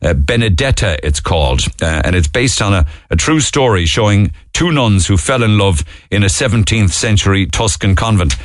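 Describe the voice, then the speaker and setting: A man's voice: lowish voice, lively intonation, moderate pace, few pauses, no room sound, studio quality. A man with a Cork accent hosting a radio talk show, chatting casually about the day's stories with wry, joking asides. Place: radio studio.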